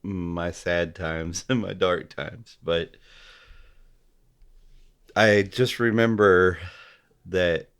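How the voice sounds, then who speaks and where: A man as a podcast guest in casual political chat, halting and often restarting his sentences. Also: low-pitched, fairly even intonation, a bit bright, clear, resonant tone. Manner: halting, repeats and restarts, gropes for names.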